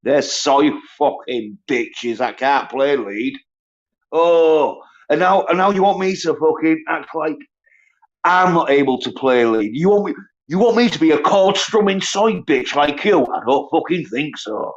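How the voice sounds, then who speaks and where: A man rants alone on a livestream, swearing constantly and dragging out his words slowly. His voice sits a little high for a man. The stream audio is dull and lo-fi. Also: lively intonation. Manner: profane, ranting, mocks others in high whiny voices. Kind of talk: angry solo livestream rant.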